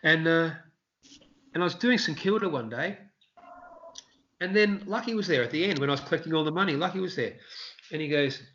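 A man's voice: a little high, a little fast, pauses often, muffled recording, a little hiss or hum. Australian man telling rambling stories. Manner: rambling, animated anecdotes. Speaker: guest, street performer. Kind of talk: casual storytelling interview.

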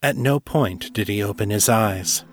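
A man who is an author and podcast host, reading his fiction in a measured, deliberate way. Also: fairly low pitch. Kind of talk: scripted fiction narration.

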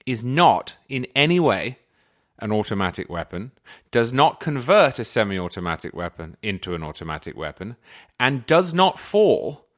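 A man's voice: mid-range voice, fairly bright tone. A man from England with a received pronunciation accent, a guest on a podcast making his case in an articulate, emphatic way. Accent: English received pronunciation. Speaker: guest commentator. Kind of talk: podcast conversation.

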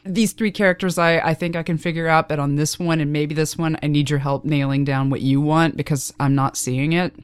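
A woman's voice: deep voice, fairly even intonation, a little fast, few pauses, clean tone, no room sound. A woman from Texas with a faint Texas accent, chatting casually in an interview, laughing often and downplaying herself. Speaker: guest narrator.

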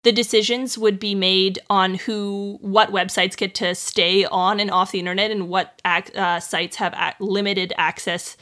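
A woman's voice: medium pitch, flat delivery, measured pace, few pauses, fairly bright tone. A woman co-hosting a casual podcast, chatty and full of fillers as she explains a news story she researched. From Canada. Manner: chatty, filler-heavy, laughing while explaining. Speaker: podcast co-host.

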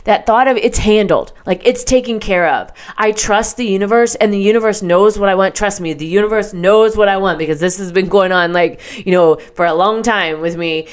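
Woman, podcast host, personal storytelling, chatty and rambling, candid, casual swearing. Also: medium pitch. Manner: chatty, heavy use of "like" and "right?".

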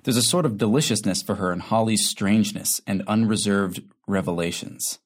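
A man narrating a drama in a calm, observant way, like reading stage directions. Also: fairly low pitch, normal speed, slightly rough.

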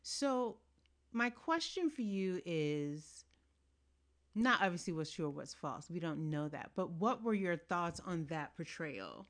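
A woman's voice: fairly low pitch, very animated, unhurried. A woman hosting a podcast, chatting casually with friends, laughing often and restarting her sentences. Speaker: podcast host. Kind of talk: casual chat.

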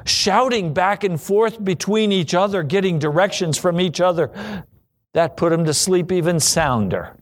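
A man preaching a sermon, acting out pleading prayers and quoted voices, then dropping low for repeated refrains. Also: animated, moderate pace.

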